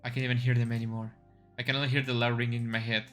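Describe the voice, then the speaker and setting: A man plays through a story game, reading its narration aloud and dropping casual asides between scenes. His voice is bright and forceful, with a middle pitch, and faint music plays underneath. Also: level tone, racing. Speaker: streamer playing a story game. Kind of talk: let's-play reading and commentary.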